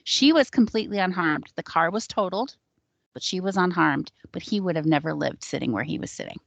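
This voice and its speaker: A woman's voice: fairly low pitch, brisk, vocal fry, no room sound. A woman recounting a personal experience in a casual, conversational way, with frequent ums and likes. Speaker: psychic sharing her experiences on a panel show. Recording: dull lo-fi sound, dry.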